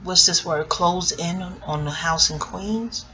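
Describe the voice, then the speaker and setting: A woman's voice: fairly low pitch, a little slow, pushed and bright, slightly rough, lo-fi sound. A woman giving a casual, rambling TV episode review, joking and scattered, with frequent asides and free swearing. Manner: swears freely. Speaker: TV recap vlogger.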